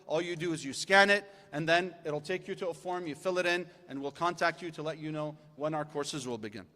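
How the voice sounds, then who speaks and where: A man preaches with a bright, high-set voice that climbs as he counts through his points. He calls the audience in to answer and repeat after him. The sound rings with the long reverb of a large hall. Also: brisk. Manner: lively, rising intensity through lists, calls audience responses. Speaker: religious lecturer. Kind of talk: sermon.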